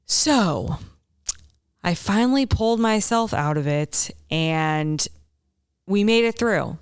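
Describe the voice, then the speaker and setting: A woman's voice: mid-range voice, animated, slow pace, clear, resonant tone, no echo, studio quality. A young woman hosting a podcast, telling a personal story in a candid, rambling way, swearing freely and acting out her own thoughts. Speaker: podcast host.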